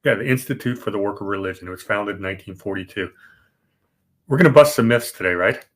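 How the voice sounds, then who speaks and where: A man's voice: lowish voice, quick pace, fairly bright tone. A man co-hosting a podcast, explaining banking history casually, with fillers and restarts. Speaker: podcast co-host.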